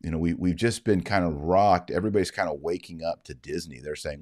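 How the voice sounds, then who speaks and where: A man with a very low, deep voice delivers earnest, moralizing commentary, reading out viewer comments along the way. The sound is close and dry, with no room behind it. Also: a little fast, hardly any pauses, darkish tone, no room sound. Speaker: Catholic commentator. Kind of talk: livestream commentary.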